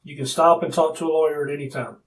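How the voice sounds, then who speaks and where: A man, a police detective, asking steady, procedural questions in an interview room. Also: a little high, quick pace. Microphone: room recording device. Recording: distant room recording with faint hiss.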